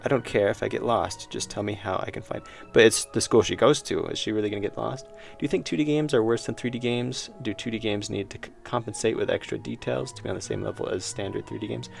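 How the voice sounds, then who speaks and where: A man's voice: fairly low pitch, quick pace, creaky, hardly any pauses, faint music behind. A man casually commenting while he plays a horror game, musing aloud and reading the game's dialogue as he goes. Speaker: streamer playing a horror game.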